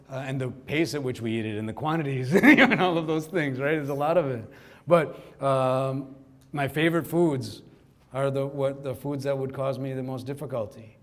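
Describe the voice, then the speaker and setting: A middle-aged man from Kerala, India, telling a personal story to a conference audience, acting out the quotes. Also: medium pitch. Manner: animated storytelling, acts out quotes. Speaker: conference speaker. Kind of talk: storytelling keynote talk.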